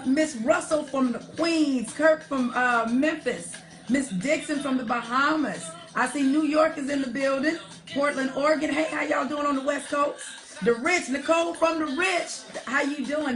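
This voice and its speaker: A woman hosting a live online show, chatting casually and affectionately with viewers, calling them darling and honey and saying y'all a lot. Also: high-pitched. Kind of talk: casual livestream chat reading viewer shout-outs. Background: R&B song playing softly.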